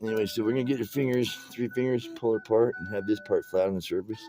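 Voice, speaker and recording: A man's voice: lowish voice, steady tone, quick pace, music in the background, rough recording. Rambling man telling stories while crafting. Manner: rambling, restarts and drifts between stories; casual, streetwise speech. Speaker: tie-dye demonstrator. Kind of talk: storytelling while demonstrating a craft.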